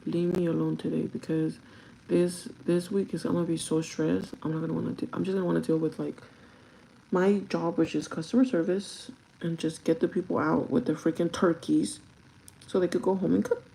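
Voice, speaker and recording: A woman's voice: on the low side, level tone, fairly quick, creaky, dark tone, rough recording. A young woman chatting casually while getting ready, cursing freely and laughing often. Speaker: vlogger. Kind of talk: casual get-ready-with-me chat.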